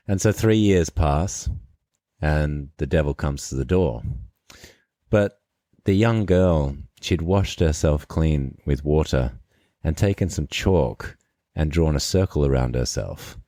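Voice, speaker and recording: A man hosting a podcast, retelling a fairy tale in a relaxed, conversational way before discussing it. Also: very deep voice, takes it slowly, no echo, studio quality. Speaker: podcast host. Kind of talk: conversational storytelling and commentary.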